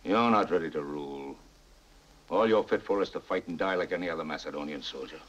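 An actor playing a cunning, stern middle-aged king and father, who talks in a husky, commanding voice and questions with scorn, in a 1950s epic film. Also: extremely low pitch, a little fast, fairly bright tone. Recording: dull lo-fi 1950s film soundtrack.

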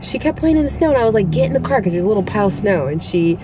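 A woman's voice: mid-range voice, very animated, very fast. A young woman vlogging with her kids, chatty and playful, laughing often, filmed on a handheld camera. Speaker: vlogger mom. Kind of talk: casual family vlog. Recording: loud crowd and street noise.

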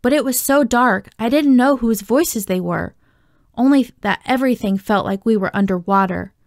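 A woman reading a children's novel aloud, telling the story in a steady, expressive way. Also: on the high side, moderate pace, no echo, clean studio sound. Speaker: audiobook reader.

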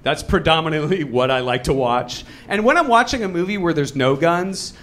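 Lively high-voiced male stand-up comic. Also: moderate pace. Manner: animated, slides into loud mock voices for quoted people. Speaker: stand-up comedian. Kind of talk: live stand-up set. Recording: live club recording with audience noise. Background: audience laughter.

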